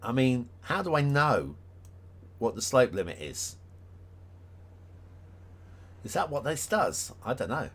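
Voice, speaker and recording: A man's voice: medium pitch, sing-song, takes it slowly, long pauses, a bit bright, breathy edge. A man chatting casually on a live stream as he reviews game maps, thinking aloud with plenty of ums and restarts and chuckling at himself. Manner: chuckles often, self-deprecating.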